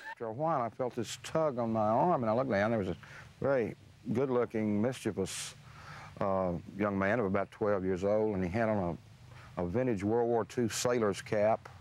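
A middle-aged man, telling memories slowly in an interview, pausing with uh and restarting his sentences. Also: on the low side, darkish tone. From Mississippi, US. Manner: slow, musing, with frequent uh and restarts. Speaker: author interviewed. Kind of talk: reflective storytelling interview.

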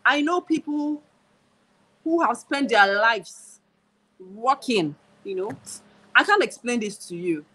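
A woman's voice: a little high, lively intonation, slow, pauses often, a bit bright, breathy edge, poor audio. A woman from Nigeria in her thirties, speaking as an interview guest in casual conversation, repeating her phrases for emphasis.

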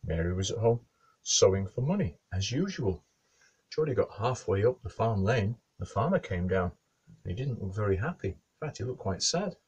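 Husky, animated male storyteller. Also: on the low side, normal speed, dull audio. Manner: relaxed, conversational. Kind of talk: bedtime story narration.

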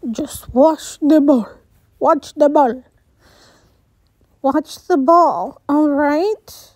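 A woman's voice: sits high, darkish tone, no room sound. A woman voicing a friendly young man who patiently gives batting instructions in a storybook reading. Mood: instructive. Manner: patient, slow step-by-step instructions.

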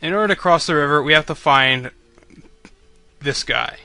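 A man's voice: a little high, normal speed, sharp tone, no echo. A man commentating on a video game he is playing, swearing constantly and griping sarcastically at the characters. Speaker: let's play commentator.

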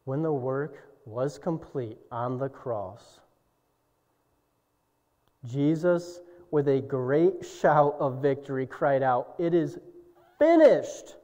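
A young man preaching a sermon, swinging from shouted climaxes to low, quiet passages. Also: slow. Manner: impassioned preaching, soaring to shouts and dropping low. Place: church sanctuary. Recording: dull recording with long church reverb.

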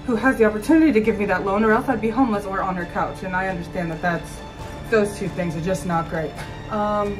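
A woman's voice: mid-range voice, brisk, poor audio. A young woman in her twenties rambles candidly to her phone camera in her apartment. She is self-mocking and fills her talk with ums and restarts, and faint music plays behind her. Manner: chatty, candid and self-mocking, with frequent fillers. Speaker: vlogger. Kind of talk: casual vlog talking to camera. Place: her apartment in New York.

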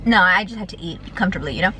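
A young woman in her twenties chatting excitedly to her phone camera while out and about, full of "y'all" and "like". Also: lowish voice, racing, rough recording. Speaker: vlogger. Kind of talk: casual vlog chat to camera.

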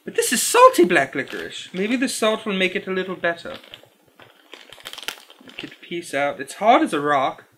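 An actor playing a fussy, squeamish male candy reviewer who hosts a comedy review, talking slowly and over-formally to camera. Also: high voice, wildly swooping pitch, pushed and bright, a little hiss or hum, full character voice. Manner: slow, overly formal, wildly swinging delivery.

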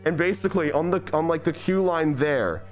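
A man's voice: on the high side, a little fast, faint music behind. A young man hosting a stream, chatting enthusiastically and rambling with lots of fillers. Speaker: streamer host. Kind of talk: casual stream chat.

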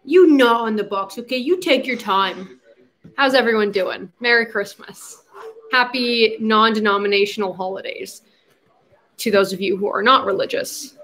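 A woman's voice: mid-range voice, moderate pace, a bit bright. A young adult woman hosting a casual livestream, chatty and giggly, slipping into baby talk with her puppy. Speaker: livestream host.

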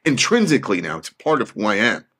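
A man's voice: fairly low pitch, huge pitch swings, quick pace, fairly bright tone, slightly rough. A man who is an actor, talking earnestly in an interview and repeating phrases like a pep talk to himself. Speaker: actor, podcast guest.

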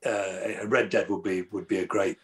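A middle-aged man, an actor, chatting casually as an interview guest and telling stories lively, acting out the people he quotes. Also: low voice, moderate pace. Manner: animated storyteller, acts out quoted exchanges.

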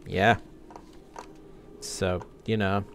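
A man's voice: deep voice, flat delivery, drawn-out words, a bit bright, slight background noise. A man commenting jokingly as he plays a horror game, mocking the monsters and talking to them. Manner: joking, sarcastic, talks to the monsters. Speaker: gamer playing a horror game. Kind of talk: let's play commentary.

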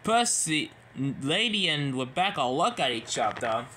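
Amateur male storyteller, slow and halting, lively bright delivery, faint hiss. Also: on the high side. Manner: halting, with slips and restarts.

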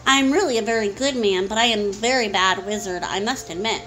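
A woman's voice: medium pitch, a little fast, background noise, voice pushed down, lightly acted. A woman reading the part of a little humbug wizard man, grand in his announcements, then plain and apologetic.

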